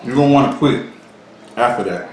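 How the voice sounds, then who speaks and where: With lively intonation and a slightly fast pace, a mid-range-voiced man co-hosts a relaxed eating vlog, joking and boasting through his stories. His mukbang chat echoes heavily around the room over faint background noise.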